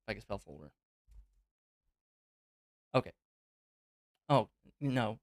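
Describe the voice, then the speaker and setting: A man's voice: fairly low pitch, animated, takes it slowly, no echo, studio quality. A man hosting a live Q&A stream, explaining things on screen in a loose, conversational way with plenty of fillers. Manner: loose and conversational, thinking aloud with many fillers.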